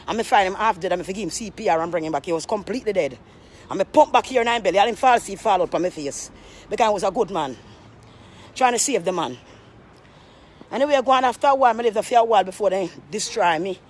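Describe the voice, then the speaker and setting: A woman, a vlogger telling a rambling story to camera with emphatic, repetitive, preachy asides. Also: mid-range voice.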